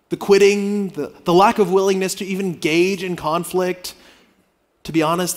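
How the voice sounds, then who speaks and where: A man preaching a sermon as a pastor, talking conversationally and swinging between loud emphasis and quiet asides. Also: a little high. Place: church auditorium.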